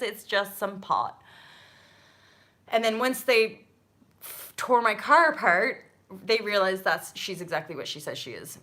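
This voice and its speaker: A woman hosting her own channel, telling a story in a casual, animated monologue, full of asides and freely swearing. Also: mid-range voice. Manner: chatty, with many fillers and asides. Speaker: channel host.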